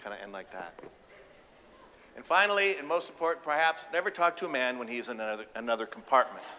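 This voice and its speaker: A man giving an animated, humorous keynote speech about relationships on a conference stage. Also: a little high, quick pace, noisy background. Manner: animated, acts out voices, audience banter. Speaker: keynote speaker and relationship counselor. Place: conference stage before a live audience. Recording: echoey conference hall.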